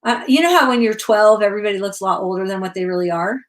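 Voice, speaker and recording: Talking very fast in a medium-pitched voice, a middle-aged Connecticut woman who vlogs about crafts rambles through memories. She's chatting casually while working on a craft journal on a livestream.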